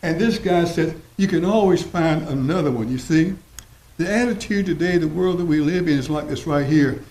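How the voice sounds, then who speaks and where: A man preaching a sermon as pastor, folksy and repetitive, slowing down to stress his points. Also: fairly high pitch, darkish tone. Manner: folksy preaching, repeats phrases, slows for emphasis. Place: church sanctuary. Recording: roomy church echo.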